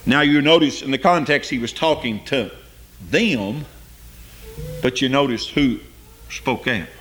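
A man preaching a sermon. He reads scripture and climbs to high, emphatic peaks, then drops low and quiet for his asides. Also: measured pace, slight background noise.

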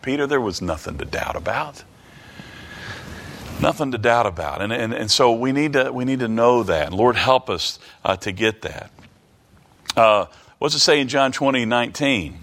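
Halting preacher man asking questions. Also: mid-range voice, a bit bright. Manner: halting, asks the listeners many rhetorical questions; reads King James scripture aloud. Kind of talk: Bible study sermon.

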